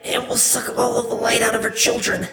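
A man voicing a possessed unicorn foal through whom spirit voices speak, eerie, slow and prophetic. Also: very high-pitched, flat delivery, pushed and bright, reverberant, voice pushed up.

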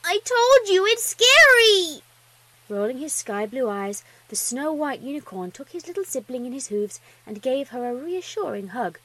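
Lively, husky-voiced woman storyteller. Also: fairly high pitch, moderate pace, hardly any pauses, no room sound, rough recording. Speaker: narrator. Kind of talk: storybook narration.

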